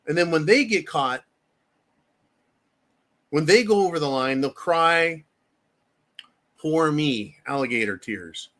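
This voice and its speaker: Casting: slightly high-voiced male host, angry profane political rant, hammering repeated lines. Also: animated, a little slow, pauses often, fairly bright tone. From United States. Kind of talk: heated political commentary.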